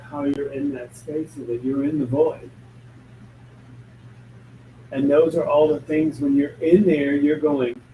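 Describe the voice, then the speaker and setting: A man's voice: fairly high pitch, steady tone, measured pace. A man working as a spiritual medium, talking casually in an emphatic, blunt and joking way. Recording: echoey room, distant mic, faint noise.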